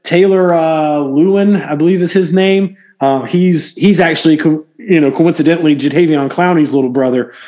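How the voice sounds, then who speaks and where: A man co-hosting a sports podcast in casual chat, animated and full of fillers and restarts. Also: a little high, moderate pace, hardly any pauses. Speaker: podcast co-host.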